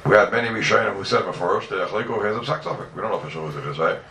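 A man's voice: on the low side, expressive, very fast, gravelly, bright, forceful tone, roomy sound, recorded from a distance, slight background noise. A man teaching a class on religious texts, emphatic and full of rhetorical questions.

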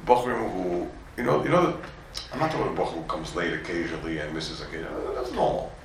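A Borough Park, New York rabbi teaches a Torah class to yeshiva students, repeating words, acting out quotes, and sprinkling in Yiddish and Hebrew terms. His low, gravelly voice moves at a quick pace. The low-quality recording is very echoey, with a slight hiss or hum, and he sits far from the mic.

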